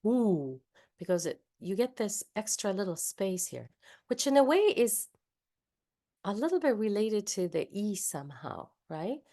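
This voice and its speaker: A woman's voice: medium pitch, big pitch swings, moderate pace, dark tone. A woman with a Spanish accent, leading an online voice workshop over a video call and patiently demonstrating speech sounds aloud as she explains them. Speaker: voice workshop leader.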